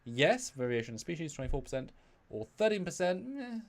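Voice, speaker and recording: A man co-hosting a casual live stream, joking and chatting with a lively manner. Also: a little high, a little fast. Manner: animated, joking, self-deprecating. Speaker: co-host.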